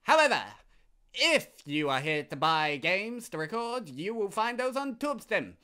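A man doing a squeaky gushing shopkeeper. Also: sing-song, unhurried, bright, forceful tone, clean tone, full character voice. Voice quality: very high-pitched. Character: eager male game shop owner, squeaky and gushing.

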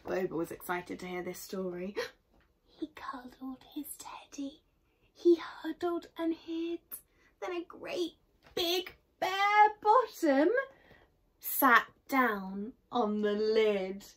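A woman reading a picture book aloud to children, expressive and asking her young listeners questions, sometimes whispering. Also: fairly high pitch, slow pace.

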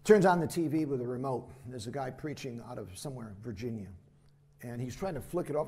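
An older man, a missionary preacher, telling lively stories in a sermon and acting out the voices of the people in them. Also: mid-range voice, fast talker, husky. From United States. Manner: animated anecdotes, voices quotes, laughs at himself. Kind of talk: storytelling sermon. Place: church hall.

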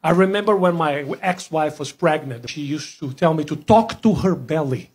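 A man from Brazil with a Brazilian accent doing a deadpan stand-up routine in broken English on a comedy club stage. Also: a little high, normal speed. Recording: loud crowd laughter and noise. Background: roaring audience.

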